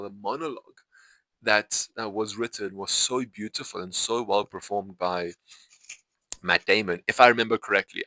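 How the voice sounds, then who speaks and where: Talking unscripted to camera about a film, this young vlogger has a low but bright, forward voice and itchy eyes. His loose sentences ramble with fillers and frequent self-corrections, captured in a close, dry, low-quality recording.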